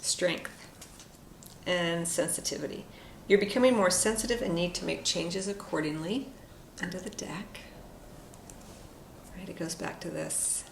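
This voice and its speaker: A woman giving a casual, reflective spoken tarot reading with frequent fillers and soft asides. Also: on the low side, unhurried, gravelly. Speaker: tarot card reader. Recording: echoey room with faint noise.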